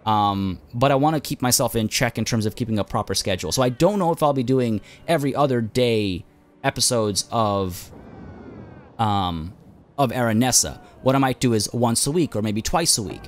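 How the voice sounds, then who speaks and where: A man's voice: medium pitch, animated, moderate pace. A man hosting a game let's play, losing his voice as he thinks aloud with plenty of uhs and ums. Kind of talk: gameplay commentary.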